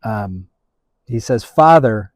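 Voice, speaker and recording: A man preaching a sermon as pastor, speaking in a halting way with frequent restarts. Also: lowish voice, animated, dry recording.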